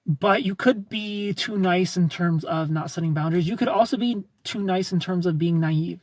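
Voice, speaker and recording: A man's voice: high-pitched, normal speed, hardly any pauses, a little mellow, dry recording. A man hosting a livestream, chatting casually and giving frank relationship advice to viewers by name. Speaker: livestream host answering viewer comments.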